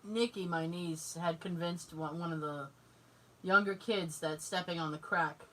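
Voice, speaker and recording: A woman in her forties co-hosting a podcast, telling family stories in casual chat, animated, laughing often and swearing freely. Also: on the low side, unhurried. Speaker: podcast co-host. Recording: distant mic, noisy.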